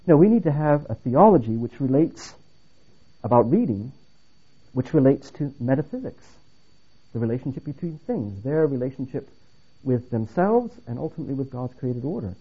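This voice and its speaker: A man lectures on theology with earnest emphasis and a lively, rising and falling pitch. His voice is slightly husky, and the recording sounds thin and phone-like. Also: moderate pace. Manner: earnest, emphatic, with restarts and dry humor. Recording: phone-like narrow band.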